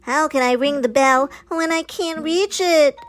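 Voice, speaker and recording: A woman's voice: sits high, unhurried, faint music behind, voice pushed up. A woman voicing a tiny, timid, polite little man in a storybook, speaking in a small, hesitant voice.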